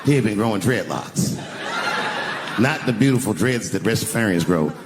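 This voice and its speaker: A man doing profane, animated stand-up storytelling on stage with a handheld mic, punching up lines with sudden shouts. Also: on the low side, moderate pace, very noisy. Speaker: stand-up comedian. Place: stage in a large venue. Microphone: handheld microphone. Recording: echoey live venue.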